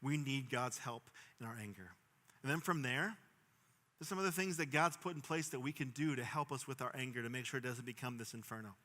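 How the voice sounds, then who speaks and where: A young man preaching a sermon as pastor, earnest, swinging from emphatic bursts to quiet, low stretches. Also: a little fast, long reverb tail. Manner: earnest, rising to emphatic bursts then dropping soft.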